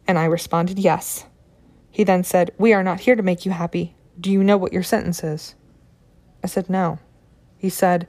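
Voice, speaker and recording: A woman reading a scripted documentary narration in a measured, sober way, including quoted testimony. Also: on the low side, fairly even intonation, a little mellow.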